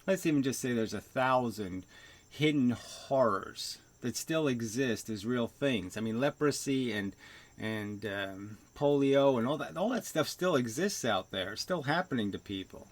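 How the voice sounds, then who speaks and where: A man's voice: mid-range voice, expressive, a little slow. A man giving a ranting video commentary, abrasive and mocking, swearing and scoffing with short laughs.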